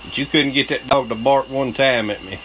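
A man's voice: mid-range voice, sharp tone, a little hiss or hum, poor audio. A man with a Southern US accent telling a crude, boastful story, swearing constantly and breaking into laughter. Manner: profane, boastful, laughs often. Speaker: channel host telling a story.

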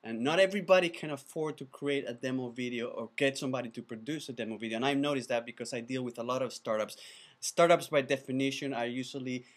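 A man who is not a native English speaker, pitching his video course in an enthusiastic, chatty way, often restarting his words. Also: fast talker. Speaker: animated video producer teaching a course. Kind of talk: casual course pitch to camera.

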